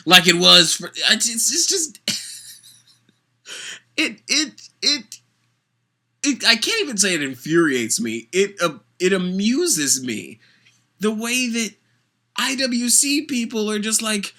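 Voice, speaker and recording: Animated, bright-voiced sarcastic wrestling ranter. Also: medium pitch, takes it slowly, long pauses. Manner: sarcastic, animated, mocks fans with put-on voices. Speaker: wrestling commentator. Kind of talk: opinionated wrestling rant.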